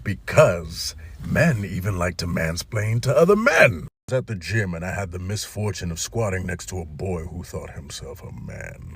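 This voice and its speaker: A man's voice: sits low, slightly rough, dry recording. A man in comedic storytelling, mocking and dramatic in his delivery.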